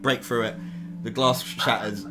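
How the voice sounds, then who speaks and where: A man's voice: mid-range voice, fairly even intonation, a little slow, over music. A man narrating as game master of a tabletop role-playing game, rambling with many fillers and restarts.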